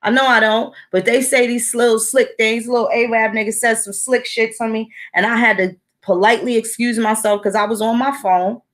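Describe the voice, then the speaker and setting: A woman's voice: on the high side, fairly even intonation, a little fast, hardly any pauses. Blunt, profane New woman in her forties. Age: 40s. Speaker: vlogger. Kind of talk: casual monologue to camera.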